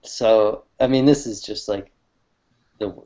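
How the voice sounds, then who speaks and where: A man with a fairly low voice talks in a loose, rambling way, often stopping to restart his sentences. He laughs easily between thoughts. The audio sounds dull and lo-fi, like an online call. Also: slow, dark tone. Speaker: cartoonist co-host. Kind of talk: casual chat.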